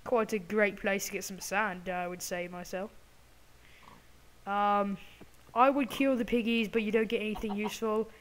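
A woman's voice: medium pitch, fairly even intonation, normal speed. Woman in a put-on British accent. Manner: exaggerated imitation of a British accent; chatty, apologetic asides to viewers. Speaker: gaming channel host. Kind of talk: gameplay commentary.

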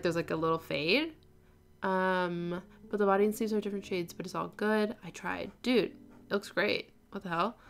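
A woman's voice: lowish voice, vocal fry, fairly bright tone. A young woman hosting a knitting livestream, chatting casually and effusively as she reads out viewers' posts, with lots of fillers.

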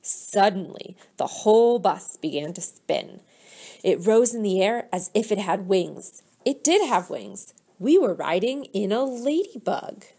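Slow-reading woman teacher. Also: mid-range voice, very animated. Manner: slow, gentle, pauses to quiz children. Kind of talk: reading a picture book aloud to children.

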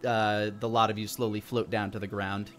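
A man narrating a tabletop fantasy game as dungeon master, relaxed, with fillers and restarts. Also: on the low side, normal speed, soft background music.

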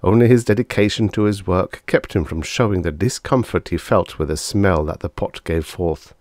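A man's voice: low voice, normal speed, a little mellow, no room sound. A man reading vintage science fiction aloud as scripted audiobook narration, with a dry storytelling delivery. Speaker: audiobook reader.

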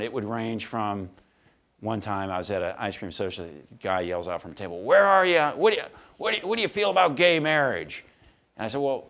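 A man's voice: mid-range voice, fairly bright tone. A man giving a casual, blunt storytelling talk as a guest speaker at a law school, acting out both sides of conversations and laughing as he goes. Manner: casual, blunt, laughs while telling stories. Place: lecture hall.

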